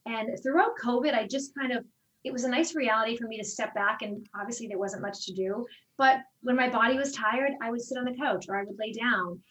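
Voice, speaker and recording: A woman's voice: a little high, a little fast, recorded from a distance, low-quality recording. A woman who teaches fitness classes, chatting in an interview and acting out the conversations she retells. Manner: animated storyteller, acts out quoted exchanges. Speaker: fitness instructor. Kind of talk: casual interview talk.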